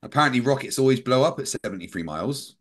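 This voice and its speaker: A man from England with a softened Bristolian accent, co-hosting a live stream and reading chat comments in a wry, dry tone. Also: mid-range voice, animated, fast. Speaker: co-host.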